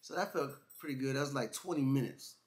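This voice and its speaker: A man co-hosting a couple's vlog, telling a funny travel story in a casual, animated way and acting out what people said. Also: mid-range voice, fast talker. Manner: animated, laughing, imitates others in quotes. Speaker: vlog co-host.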